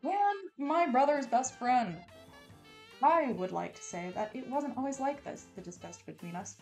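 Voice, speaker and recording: A woman's voice: high voice, lively intonation, a little slow, soft background music. A woman reading a romance novel aloud in a dramatic, casual style with playful, sarcastic asides. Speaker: audiobook reader.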